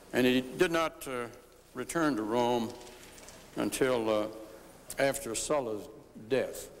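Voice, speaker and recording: An older man delivers a formal history lecture from the floor of a legislative chamber. He speaks slowly and deliberately, pausing often between phrases. A long reverb hangs on his voice, with a faint hiss beneath. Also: medium pitch. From United States. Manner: measured, deliberate delivery with frequent pauses and "uh" fillers. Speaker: senator giving a floor speech.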